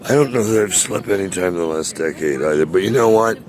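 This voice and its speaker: A man's voice: low-pitched, expressive, fast talker, a little mellow. A man in his sixties ranting casually to a friend, profane and boastful, rambling with many hesitations. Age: 60s.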